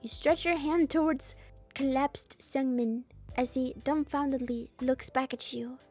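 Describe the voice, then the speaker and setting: A woman's voice: high voice, measured pace, soft background music. A woman streamer reading a story game aloud and breaking off into playful, joking asides. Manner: playful, jokey, animated asides.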